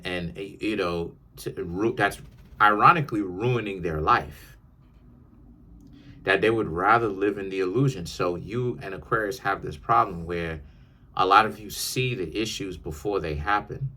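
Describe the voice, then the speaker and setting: Deep-voiced man giving a tarot reading. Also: sharp tone. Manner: emphatic, repeats words, lecturing. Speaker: tarot reader.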